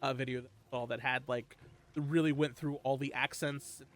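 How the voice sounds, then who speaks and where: A man from South Jersey hosting a book club chat, animated and acting out his own reactions. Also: mid-range voice, normal speed. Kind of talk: casual chat.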